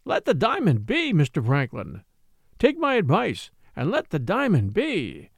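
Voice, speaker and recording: A man's voice: high voice, huge pitch swings, measured pace, vocal fry, dry recording, clean studio sound, exaggerated voice. A man voicing an elderly male house steward who is stubborn, fussy and loyal, in an audiobook reading. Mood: earnest warning. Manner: obstinate, fussy and respectful.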